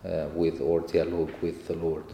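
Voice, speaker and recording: A man's voice: a bass voice, level tone, moderate pace, warm tone, slight background noise. A man answering questions after a sermon, telling rambling stories with laughter, recorded in an echoey hall. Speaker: church speaker.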